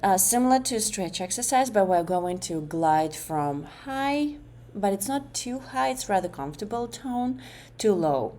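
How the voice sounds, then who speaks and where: A woman's voice: mid-range voice, expressive, measured pace, darkish tone. A woman presenting a class demonstration of voice exercises, hesitant, with many fillers and restarts.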